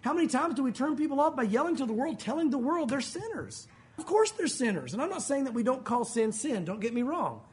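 Lively-pitched man preaching a sermon. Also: brisk. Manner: conversational preaching, acts out quoted voices. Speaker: pastor.

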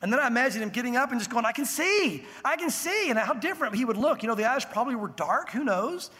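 Casting: male pastor, very high-pitched, husky, lively storytelling sermon in a church with a long reverb tail. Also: racing. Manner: animated storytelling, acting out voices in the scene.

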